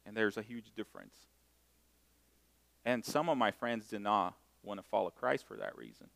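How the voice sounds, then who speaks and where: A middle-aged man from Brazil, preaching a sermon and telling stories in a self-mocking, animated way. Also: fairly low pitch, moderate pace, vocal fry, pauses often. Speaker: pastor. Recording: long hall reverb.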